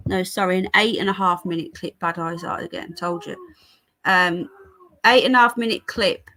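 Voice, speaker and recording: A woman's voice: on the low side, normal speed, pushed and bright, a little hiss or hum. A woman from the United Kingdom hosting a live stream from home, talking casually to viewers and reading their comments aloud. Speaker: livestream host. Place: home with a child nearby.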